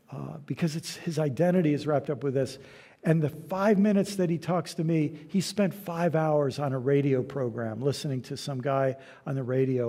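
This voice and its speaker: A man speaking as a guest lecturer, answering questions and telling stories in a relaxed, conversational way in a church hall. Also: on the high side, breathy edge. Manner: conversational storytelling, soft trailing endings. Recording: hall reverb.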